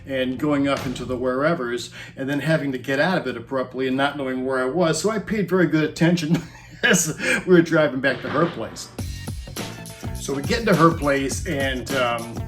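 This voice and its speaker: Music plays beneath a mid-range, fairly bright male voice at normal speed. The speaker, a man in his fifties and former roadie, rambles casually through a rowdy, comic tour story and chuckles a lot along the way.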